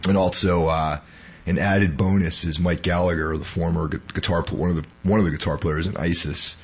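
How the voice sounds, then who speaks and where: A man's voice: low voice, fairly even intonation, fairly quick, husky. A man hosting a podcast, still sick and sounding weak, talking casually with lots of fillers. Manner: rambling, filler-heavy. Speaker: podcast host.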